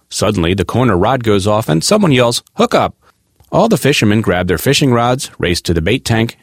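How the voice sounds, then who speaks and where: A man reads a magazine article aloud, his pitch rising and falling with plenty of movement. His delivery is expressive and lively. The sound is dry and close, with no room around it. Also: dry recording. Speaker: article reader.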